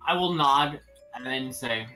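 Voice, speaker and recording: A man's voice: fairly high pitch, lively intonation, slow, sharp tone, soft background music. A man playing a tabletop game, playfully describing what his character does. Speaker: player. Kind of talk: casual tabletop game chat.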